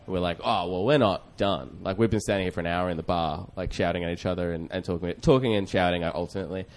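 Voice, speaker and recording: A man's voice: low-pitched, fairly even intonation, fast talker, a little hiss or hum. A man, a comedian hosting a podcast who tells a story in a rambling, self-deprecating way with lots of fillers. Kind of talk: casual storytelling.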